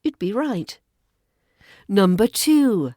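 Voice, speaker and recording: A woman with a Southern English RP accent, teaching a podcast lesson on polite British grammar in a clear, measured, polite way. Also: mid-range voice, very animated, warm tone, no room sound, studio quality.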